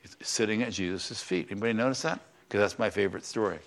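A fairly low-pitched man talks fast: he's an older semi-retired American pastor delivering a sermon as a conversational Bible lesson, posing questions to the congregation.

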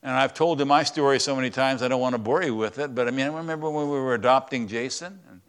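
Guy preaching in church, talky sermon, gets loud on big words then goes soft and low. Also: fast talker, clear, resonant tone. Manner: emphatic, swings between loud stresses and quiet asides. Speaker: pastor. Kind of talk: conversational sermon.

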